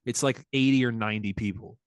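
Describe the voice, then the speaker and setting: A man's voice: mid-range voice, steady tone, quick pace, clean tone, no echo. A man co-hosting a comic book podcast, explaining a news story in casual chat with lots of fillers. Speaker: podcast co-host.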